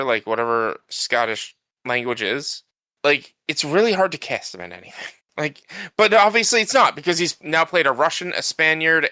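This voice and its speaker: A man's voice: fairly high pitch, bright, forceful tone, no echo. A man co-hosting a podcast, chatting casually about a film, rambling with lots of restarts. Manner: rambling, many restarts and fillers. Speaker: podcast co-host. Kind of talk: casual chat.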